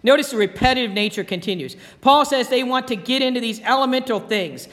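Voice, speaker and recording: Male pastor, high voice, earnest sermon delivery, echoes his key lines, long church reverb. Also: brisk, a bit bright. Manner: earnest, repeats key phrases for emphasis.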